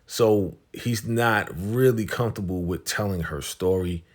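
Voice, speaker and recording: A man talks through a TV episode in a loose, slangy recap. His voice sits very low. He paraphrases the characters' lines as he goes, like he is telling a friend what happened. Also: a little slow. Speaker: TV recap host.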